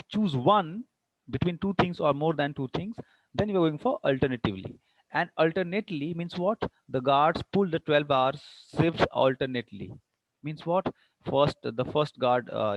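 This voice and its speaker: A man's voice: fairly high pitch, lo-fi sound, a little hiss or hum. A man with an Indian English accent teaching English vocabulary, switching between English and Hindi and checking understanding with questions. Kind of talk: online lecture, mixing English and Hindi.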